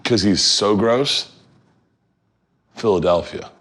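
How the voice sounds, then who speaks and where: A man hosting a casual chat in a home kitchen, joking and slipping into quick mock impressions. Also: fairly low pitch, fairly bright tone. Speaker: host. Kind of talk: casual chat while cooking.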